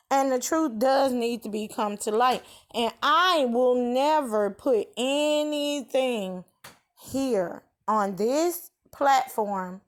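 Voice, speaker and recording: A woman commenting on another creator's video in a deliberate, preachy way. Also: fairly high pitch.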